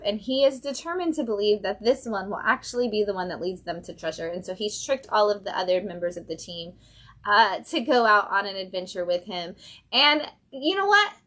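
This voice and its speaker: A woman's voice: on the high side, bright, forceful tone. A woman hosting a casual livestream from a comic shop, chatting enthusiastically about new comics with lots of fillers.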